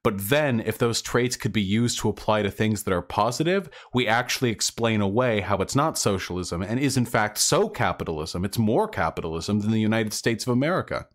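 A man's voice: lowish voice, animated, a little fast, few pauses. A man hosting a reaction commentary video, rebutting clips in a sarcastic, mocking way.

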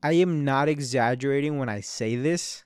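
With a medium pitch and clean tone, a man in his early twenties hosts a podcast at normal speed, recorded dry in clean studio sound. His long story wanders in casual talk, peppered with swearing and with the listener called bro and dude.

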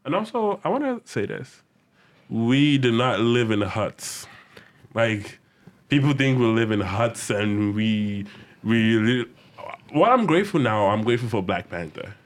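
A man's voice: mid-range voice, a little slow. Young guy from nigeria, casual chat, voice jumps all over, playful. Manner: lively, animated, playful. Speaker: co-host.

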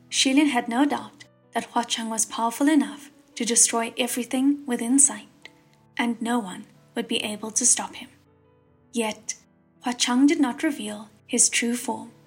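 A woman narrating an audiobook chapter in a steady, expressive storytelling voice. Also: fairly high pitch, breathy edge. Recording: narration over faint background music.

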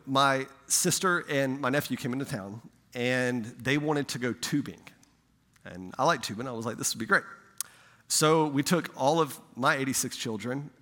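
A man preaching as a pastor, telling a lively personal story in a sermon, growing loud and excited. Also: medium pitch, big-room sound. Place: church sanctuary.

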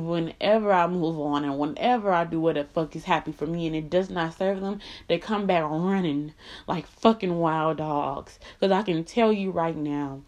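A woman delivering an impassioned, profane monologue, blunt and emphatic with lots of repetition. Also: lowish voice.

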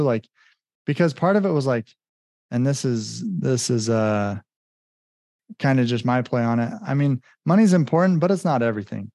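An earnest man speaking on a podcast at a middle pitch, sounding close and dry with no room around him. He tells a personal story casually and leans on "like" as a filler while acting out remembered conversations. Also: animated, moderate pace, mellow, dry recording. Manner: earnest, heavy use of "like" fillers, acts out remembered dialogue. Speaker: podcast guest.

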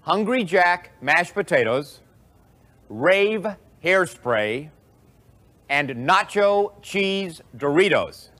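A man putting on a voice, reading out a shopping list slowly and drawn out. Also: sits high, animated, fairly bright tone, voice pushed up, full character voice. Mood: mocking.

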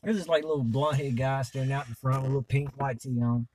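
A man's voice: mid-range voice, steady tone, quick pace, darkish tone. A man telling a crude story in a rambling, profane, laid-back way while stoned. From US South. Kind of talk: crude storytelling in casual chat.

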